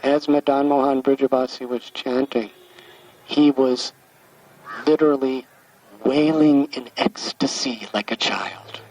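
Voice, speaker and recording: A man in his sixties from the United States, a spiritual teacher telling a devotional story in a gentle, halting way, often repeating words as he recalls. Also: mid-range voice, fairly even intonation. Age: 60s. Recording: distant mic with faint background hiss.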